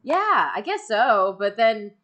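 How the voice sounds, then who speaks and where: Excitable woman streamer telling stories. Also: a little high, takes it slowly. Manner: excitable storyteller who laughs often and acts out quotes. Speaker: streamer hosting a video call. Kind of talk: casual chat.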